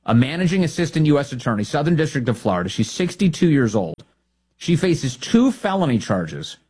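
A man's voice: medium pitch, a little mellow, husky. A man hosting an opinionated political talk show, mocking and trading insults in asides.

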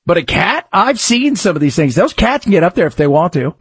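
A man with a high, expressive voice and a breathy edge hosts a talk radio show, speaking fairly quickly close to a studio mic. His casual commentary is rambling and conversational, with emphatic rises, and there's no room sound.

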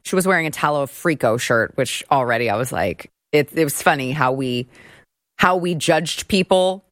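A woman's voice: deep voice, lively intonation, no echo, studio quality. A young woman hosting a political talk show, giving a brash, sarcastic, opinionated monologue. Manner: brash, sarcastic, rapid-fire.

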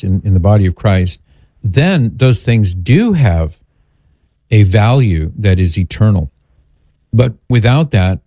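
A man hosting a call-in religious show, answering a caller in a measured, explanatory way and quoting scripture with slow, deliberate phrasing. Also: fairly low pitch, warm tone, dry recording, clean studio sound. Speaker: host answering a caller's question.

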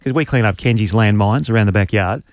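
Australian male co-host, quick animated storyteller, dry close mic. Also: lowish voice, dry recording. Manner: animated storytelling, mimics neighbour. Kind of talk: casual banter.

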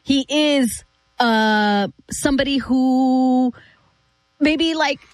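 A woman's voice: sits high, very slow, no room sound. A woman co-hosting a casual sports talk show, conversational and thinking aloud as she makes her point.

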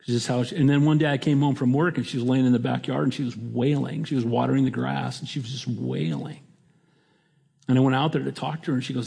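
A man's voice: medium pitch, quick pace, gravelly, warm tone, slightly rough. A middle-aged male pastor preaching a sermon in a conversational way, often restarting his sentences.

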